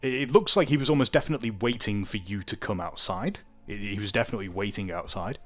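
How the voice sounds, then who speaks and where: A man's voice: lowish voice, quick pace, fairly bright tone. A man narrating as game master of a tabletop game, chatty with many fillers.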